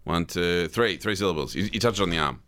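A man's voice: sits low, animated, a little fast, a bit bright. A man co-hosting a casual film podcast, bantering playfully and swearing often. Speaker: podcast co-host.

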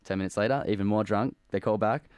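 Fast-talking Australian man, animated storyteller. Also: on the low side, clean tone, no echo. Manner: animated, tells stories with lots of fillers. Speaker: guest. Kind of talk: casual storytelling interview.

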